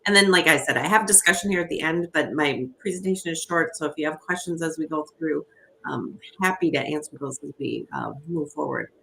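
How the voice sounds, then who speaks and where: Woman, Minnesota accent, lowish pitch, friendly guest presenter who talks freely with filler words. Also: a little fast, vocal fry, bright, forceful tone, a little hiss or hum. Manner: chatty, upbeat, many ums. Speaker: guest presenter from an education nonprofit. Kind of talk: conversational presentation.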